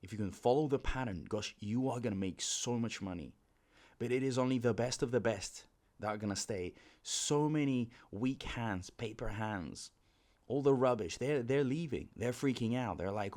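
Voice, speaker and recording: A man's voice: mid-range voice, moderate pace, darkish tone. A man hosting a crypto commentary video, urgent and persuasive, repeating himself and drawing out the words he stresses. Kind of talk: casual commentary to camera.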